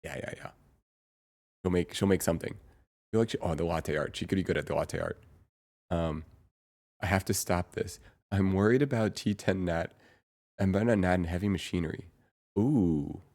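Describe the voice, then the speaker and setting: A young man streaming from home, chatting casually in a rambling, halting way with lots of ums and laughs. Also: sits low, darkish tone. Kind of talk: casual chat reading chat.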